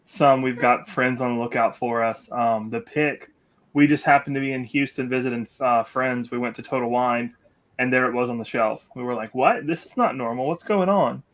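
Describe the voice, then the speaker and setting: A man guest telling a story slowly and casually, using plenty of fillers. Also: medium pitch, level tone, fairly bright tone. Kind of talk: casual chat.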